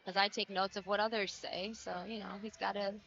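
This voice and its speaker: A woman's voice: mid-range voice, little pitch movement, fairly quick, fairly bright tone, a little hiss or hum. A woman giving color commentary on a gymnastics meet, enthusiastic and chatty, with a muffled broadcast sound. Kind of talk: sports commentary.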